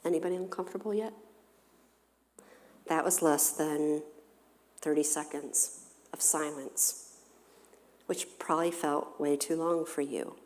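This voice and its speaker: A woman counselor gives a parenting seminar in a church hall, with a voice pitched a little low. She keeps her listeners involved by posing questions to them. Her voice carries a long reverb from the large room. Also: steady tone, a little slow, long pauses, darkish tone. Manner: engaging, poses questions to the audience. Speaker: family counselor giving a talk.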